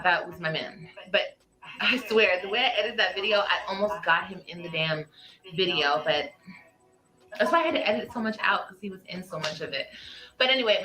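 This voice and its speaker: A young woman vlogger telling her story to viewers in a drawn-out, animated way. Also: lowish voice, echoey room, low-quality recording.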